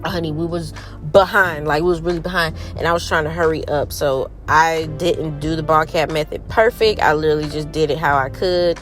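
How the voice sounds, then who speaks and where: Young woman vlogger, fairly low voice, stuffy nose from a cold, chatty and upbeat, talks at home. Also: fairly even intonation, fairly quick, soft background music. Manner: chatty and upbeat, slangy, addresses viewers as y'all. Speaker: beauty vlogger. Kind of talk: casual vlog chat. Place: room at home.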